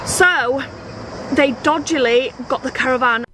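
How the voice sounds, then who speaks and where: Woman vlogging outside, fairly high voice, all worked up and acting out the dialogue, cars rumbling in the background. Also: moderate pace. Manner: animated, exasperated, acts out quoted dialogue. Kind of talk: casual vlog storytelling. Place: outdoors at a campsite by a road. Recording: outdoor phone video with traffic noise. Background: passing cars and outdoor ambience.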